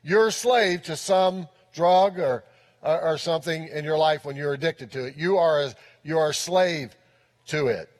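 A man's voice: fairly high pitch, normal speed. A man preaching a sermon as pastor, earnest and repeating his key phrases for emphasis. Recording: long reverb of a large hall.

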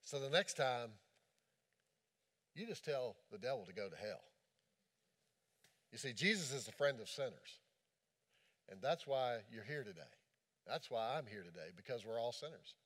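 A man preaching as a pastor, impassioned in the sermon and then hushed and gentle as he leads a prayer. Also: medium pitch, big pitch swings, moderate pace, pauses often. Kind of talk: sermon with altar call prayer.

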